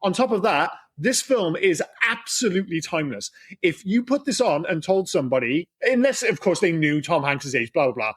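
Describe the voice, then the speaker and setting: A man's voice: fairly high pitch, very animated, normal speed, slightly rough. A man co-hosting a podcast, chatting casually and swearing freely as he talks animatedly. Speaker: podcast co-host. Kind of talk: casual chat.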